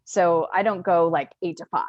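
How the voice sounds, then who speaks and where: Interview guest, middle-aged woman, low voice, dry close sound, chatty and upbeat. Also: fairly even intonation, moderate pace, no room sound, muffled recording. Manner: chatty, upbeat, many fillers like "you know". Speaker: author and guest. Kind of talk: casual interview.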